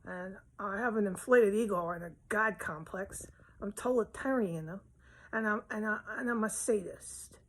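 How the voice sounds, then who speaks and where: A woman voicing a smug, cruel sadist who relishes power, speaking in a low, hushed, gloating murmur. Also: slightly rough.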